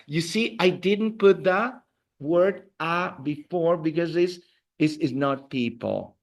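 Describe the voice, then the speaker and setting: A man's voice: fairly high pitch, takes it slowly. A man teaching a beginners' Spanish class in a classroom, patiently repeating words for the students to echo. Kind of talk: classroom language lesson.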